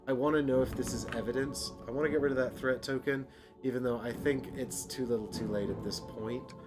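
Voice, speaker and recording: A man with an ordinary mid-range voice talks his way through a board game, weighing each move out loud. He wears his frustration openly, sighing and cursing at bad luck. Music plays steadily behind him. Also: mid-range voice, fairly even intonation, fairly quick. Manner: emotional, sighs and curses at bad luck. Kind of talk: thinking aloud through a board game playthrough. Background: background music.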